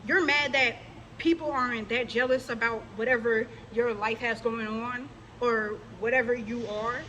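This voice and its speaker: A woman's voice: on the high side, steady tone, measured pace, bright, forceful tone, dull audio, slight background noise. A woman vlogger delivering a scolding, confrontational rant straight to her viewers, mocking the people she addresses. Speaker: religious vlogger. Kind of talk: direct-to-camera rant.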